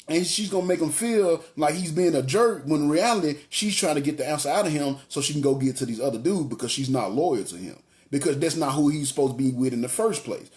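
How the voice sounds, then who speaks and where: A man's voice: a little high, quick pace, few pauses, darkish tone. A man preaching a casual, conversational sermon in a chatty, slangy way, talking straight to his congregation. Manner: street-talking, chatty, addresses the congregation as y'all.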